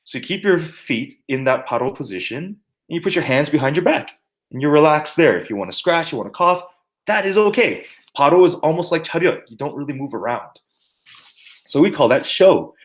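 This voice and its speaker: An animated male martial arts instructor teaches basic terms with playful memory tricks. His pitch swings widely as he jokes and demonstrates, and his delivery is loose and conversational. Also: fairly quick. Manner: animated, jokey, sings and mimics to teach words. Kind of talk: teaching terminology with playful mnemonics.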